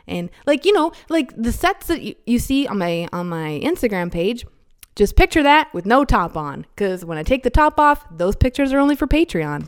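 A woman hosting her own podcast in a casual solo chat, candid and profane, rambling and quick to get riled up. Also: medium pitch, clean tone. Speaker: podcast host.

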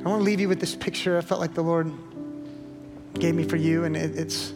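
A man's voice: fairly high pitch, steady tone, brisk. A middle-aged male pastor preaching a sermon with earnest, pleading encouragement, then leading a prayer. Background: guitar music.

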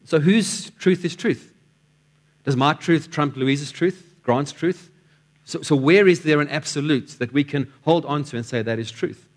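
A man's voice: fairly high pitch, unhurried. A man preaching a sermon in a church, telling stories and often repeating words as he restarts his sentences.

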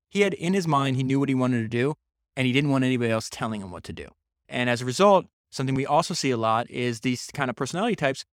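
A man's voice: medium pitch, dry recording, clean studio sound. A man hosting a solo book podcast, speaking with enthusiasm and frequent restarts. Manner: enthusiastic, with many restarts and fillers. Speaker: podcast host.

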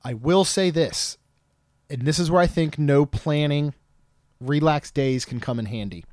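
A man's voice: a little high, a little slow, a little mellow, dry recording, clean studio sound. A man in his thirties co-hosting a podcast, chatting casually and joking, rambling with frequent restarts. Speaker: podcast co-host.

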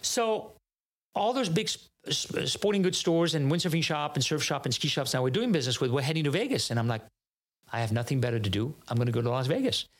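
A man from France with a French accent, a native French speaker, telling a story as a podcast guest in a lively way that acts out both sides of each conversation and often restarts his sentences. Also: fairly high pitch, fast. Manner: animated, acts out dialogue, frequent restarts. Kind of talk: casual storytelling.

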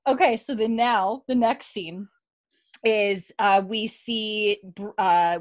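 On a casual podcast, a woman with a mid-range voice recaps a TV episode scene by scene, with no room sound. It's animated, casual storytelling: she quotes the characters and laughs often.

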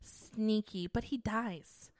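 A woman's voice: mid-range voice, slow, no room sound, clean studio sound. A woman as a podcast guest, chatting casually and giggling often as she talks. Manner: giggly and animated.

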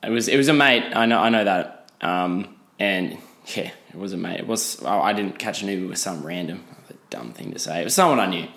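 A man's voice: deep voice, fairly quick, gravelly, a bit bright. A young Australian man telling a casual story in a rambling, sweary way, often cutting himself off mid-sentence. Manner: rambling, sweary, self-interrupting. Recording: roomy echo.

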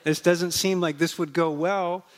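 A man's voice: on the high side, steady tone. Man preaching in a conversational, storytelling way. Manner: conversational storytelling, drops soft and slow on key words. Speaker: pastor. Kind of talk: sermon. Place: church.

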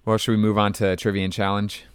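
A man's voice: fairly low pitch, level tone, quick pace, smooth, no room sound. A man co-hosting a casual movie podcast, chatty and full of "like" fillers. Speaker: podcast co-host.

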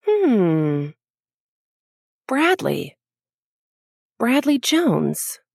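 A woman's voice: fairly high pitch, wildly swooping pitch, drawn-out words, gravelly, darkish tone, no echo, heavily acted. A woman playing a bored, sardonic female knife-thrower in an improvised tabletop role-play. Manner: dry and sardonic.

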